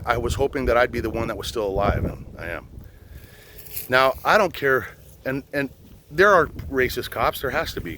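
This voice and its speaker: A man's voice: medium pitch, fairly bright tone, a little hiss or hum. An older man, a retired police officer, ranting bluntly and profanely to the camera while out on a boat in a swamp. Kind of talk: outdoor rant.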